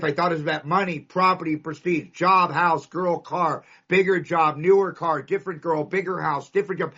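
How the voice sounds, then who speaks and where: A man's voice: a little high, steady tone, normal speed, few pauses, fairly bright tone. Emphatic man sharing his recovery story. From California. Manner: storytelling, emphatic, punchy lists. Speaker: speaker at a recovery meeting. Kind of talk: recovery share to a live audience. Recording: dull lo-fi recording.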